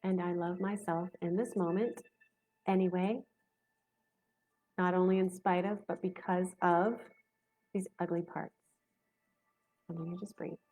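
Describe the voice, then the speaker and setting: A woman's voice: lowish voice, fairly even intonation, measured pace, pauses often, warm tone. A woman in her forties teaching in a frank, casual way, slipping into quoted inner voices. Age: 40s. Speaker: spiritual coach.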